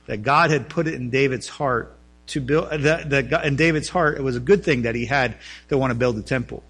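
A male pastor delivering a sermon in church. His voice is bright and clear, sitting slightly high for a man. He swings from loud, emphatic repeated lines to hushed, earnest pleading. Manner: preaching with swings from loud emphatic runs to quiet earnest talk.

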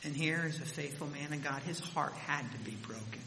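A man delivers a sermon with dramatic storytelling, his voice swelling and falling. His tone is bright and slightly high for a man, and it rings through a reverberant hall. A faint hiss sits under the recording. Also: moderate pace. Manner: dramatic storytelling, voice rising and dropping. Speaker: preacher.

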